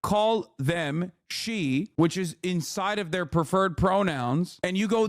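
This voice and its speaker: A man's voice: high-pitched, slow pace, hardly any pauses, no echo, clean studio sound. A male streamer hosting a live commentary, ranting angrily and sarcastically with heavy profanity. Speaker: streamer host.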